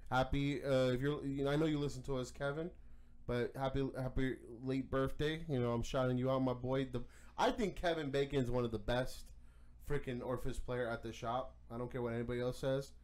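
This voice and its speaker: A man's voice: mid-range voice, fairly even intonation, a little fast, darkish tone. A man co-hosting a card game podcast, ranting heatedly with lots of swearing and stammered restarts. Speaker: podcast co-host. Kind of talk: casual podcast rant.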